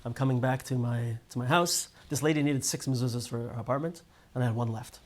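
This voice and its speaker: Animated man teaching a casual Torah class. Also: mid-range voice, fast talker. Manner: lively storyteller, many restarts and "right?" tags.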